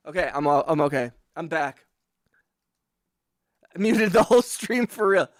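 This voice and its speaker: A man's voice: a little high, expressive, moderate pace, pauses often, dry recording. A man streaming live to viewers from a home music studio, ranting in frustration and swearing, mocking himself, then thanking his chat on a close microphone. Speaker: livestreaming music producer. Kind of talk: casual livestream chat to viewers. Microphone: close broadcast microphone.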